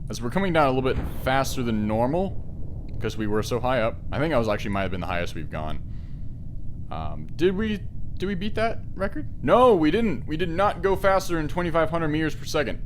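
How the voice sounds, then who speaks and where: A young man talks through his gameplay in a chatty, let's-play manner. His pitch swings widely, from low, trailing asides to excited shouts when things go wrong. A faint hiss runs under the recording. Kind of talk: game commentary.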